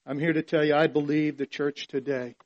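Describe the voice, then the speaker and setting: A male pastor preaching a sermon, swinging from hushed, quiet passages to loud, emphatic ones. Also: a little high, flat delivery, a little fast, lo-fi sound.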